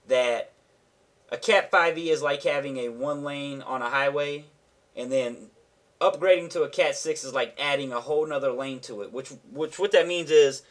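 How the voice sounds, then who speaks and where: A man's voice: on the high side, fairly bright tone. Casual rambling male gaming vlogger. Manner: rambling, loose and conversational with restarts; slangy, offhand. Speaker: gaming channel host. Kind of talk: casual tech vlog explanation.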